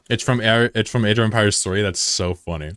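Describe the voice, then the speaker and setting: A man's voice: fairly low pitch, normal speed, a bit bright, clear, resonant tone, no echo. A young American man chatting loosely with viewers on a stream, rambling and swearing freely. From USA. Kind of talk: casual chat with viewers.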